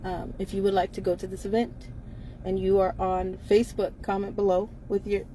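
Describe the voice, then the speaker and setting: A woman's voice: mid-range voice, flat delivery, fairly quick, warm tone, a little hiss or hum. A woman co-hosting a casual live-stream chat from inside a car, blunt and emphatic, laughing often between her lines.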